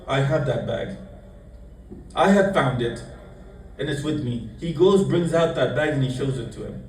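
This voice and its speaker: A man giving a storytelling sermon in a mosque hall, telling a tale in short broken phrases and speaking the quotes more softly. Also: on the high side, a little hiss or hum. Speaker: preacher. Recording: echoey hall, mic at a distance.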